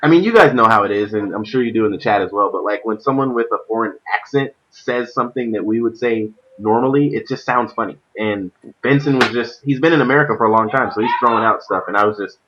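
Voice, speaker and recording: A man's voice: lowish voice, fast, hardly any pauses, a bit bright, lo-fi sound. A man hosting a casual gaming stream, rambling and often laughing. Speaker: stream host.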